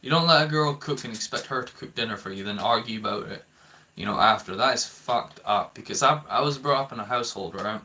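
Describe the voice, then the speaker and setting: Fairly quick and sharp-toned, this young man's medium-pitched voice carries a heated, swear-filled rant aimed at his viewers. As a vlogger giving commentary to camera, he keeps stammering and starting over.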